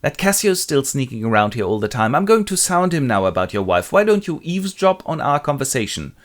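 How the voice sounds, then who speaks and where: Sly scheming villain played by a man, smooth and insinuating, near his own voice. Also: medium pitch, sing-song, fairly quick, voice pushed up, natural voice.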